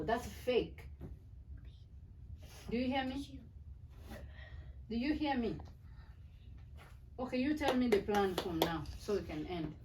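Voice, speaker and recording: A woman's voice: on the high side, a little mellow. A middle-aged woman, a mother lecturing her children at a family meeting in a firm, earnest way. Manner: firm, earnest, repeats "do you hear me". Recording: distant mic with faint background noise.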